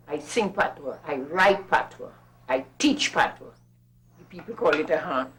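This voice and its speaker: An older woman with a Trinidadian accent, a carnival masquerader telling her own story in a lively, emphatic way. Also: lowish voice, unhurried, low-quality recording. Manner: lively, emphatic, with bursts of patois. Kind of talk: personal storytelling.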